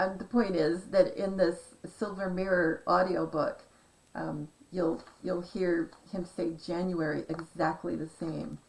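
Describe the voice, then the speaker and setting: A woman talks through a casual vlog monologue in a low, gravelly voice. She speaks slowly and meanders, hesitating and drifting into side remarks. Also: darkish tone, rough recording. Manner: meandering, hesitant, trails off into asides. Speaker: conspiracy decoding vlogger.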